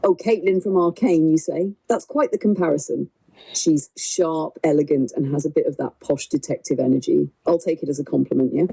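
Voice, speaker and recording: Casting: AI woman as a cheery British assistant, low, dark and gravelly, dry sound. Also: a little fast, dry recording, full character voice, rough recording. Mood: cheerful. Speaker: AI chat assistant.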